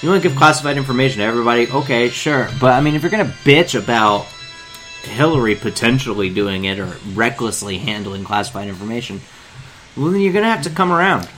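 A man's voice: medium pitch, lively intonation, fast, fairly bright tone, soft background music. Sarcastic, foul-mouthed man ranting. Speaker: podcast co-host. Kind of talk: casual chat.

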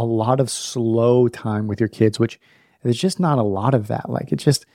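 Candid storytelling man, warm and dry. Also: medium pitch, measured pace, no room sound. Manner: candid, self-deprecating, laughs at himself. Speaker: podcast host. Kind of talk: storytelling talk.

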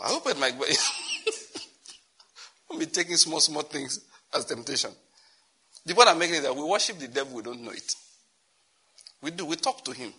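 A man's voice: medium pitch, breathy edge. A middle-aged man with a Nigerian accent preaching a teaching sermon, telling stories, acting out dialogue and laughing along. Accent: Nigerian English. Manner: animated storytelling, laughs and acts out dialogue.

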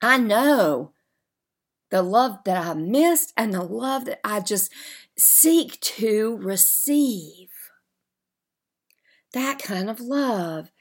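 A woman hosts a faith podcast and speaks in an unhurried, drawn-out way. She leans on key words with heartfelt emphasis. Now and then she lets her voice sink into soft, murmured asides. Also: mid-range voice, expressive. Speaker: podcast host.

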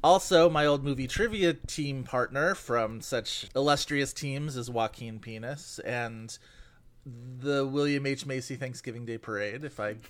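A man's voice: medium pitch, fairly bright tone. A man hosting a movie podcast, bantering and joking in casual chat. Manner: jokey, quick banter. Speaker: podcast host.

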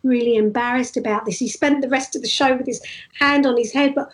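A high-voiced woman recounts her street-show stories in a loose, chatty way. She jumps between thoughts, restarts her sentences and keeps the anecdotes lively. The voice sits well above the usual range for women. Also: brisk. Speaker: street performer guest. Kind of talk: casual interview storytelling.

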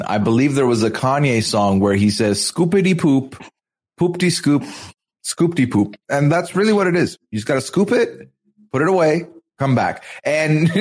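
A man co-hosting a podcast, chatting casually while recapping a reality show, with halting restarts and quotes he acts out. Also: mid-range voice, husky. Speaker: podcast co-host.

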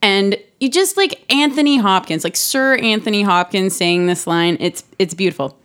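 A woman co-hosting a podcast in casual chat, talking in quick asides and laughing often. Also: mid-range voice, animated, a bit bright, clean tone. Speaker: podcast co-host.

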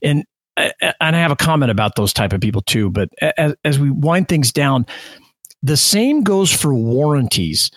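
A man co-hosting a casual business podcast, talking through his ideas with lots of quick restarts. His voice moves up and down a lot, and the recording sounds dry and close. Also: fairly high pitch, no echo. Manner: lively, restarts often, explains with examples. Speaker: podcast co-host.

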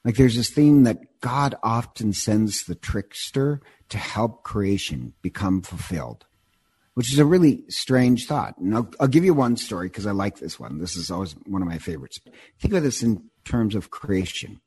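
A man in casual conversation, retelling a myth in an animated, digressive way and often repeating words as he goes. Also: lowish voice, normal speed, husky.

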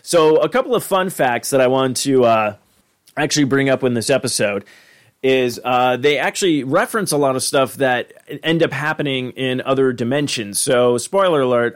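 A man's voice: mid-range voice, animated, moderate pace. Rambling podcast host, man. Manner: rambling, many fillers. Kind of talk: casual episode recap.

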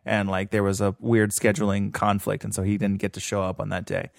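A man's voice: on the low side, completely flat delivery, a little fast, gravelly, dry recording, clean studio sound. A man co-hosting a film podcast, telling a story in casual chat and laughing often. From Minnesota. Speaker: podcast co-host.

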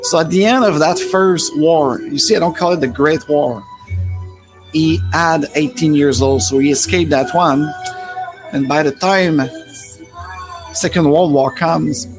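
A French-Canadian man in his forties, with a Quebec French accent and a voice on the high side, speaks a little slowly over background music. He hosts a rambling live stream full of fillers and restarts.

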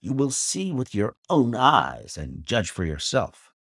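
A man voicing a pompous, irascible old squire who talks in an indignant, excitable, declamatory way in a storybook reading. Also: mid-range voice, slow pace, vocal fry, no room sound, clean studio sound, pitched above the performer's own voice, heavily acted. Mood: urgent.

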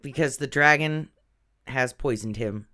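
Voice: mid-range voice, a little slow, sharp tone. A podcast co-host in casual comedic chat, making crude, wisecracking asides.

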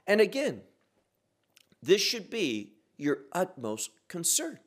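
A middle-aged man teaching a Bible passage verse by verse, slow and deliberate, stressing key words with sharp rises and drops. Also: high voice, wildly swooping pitch.

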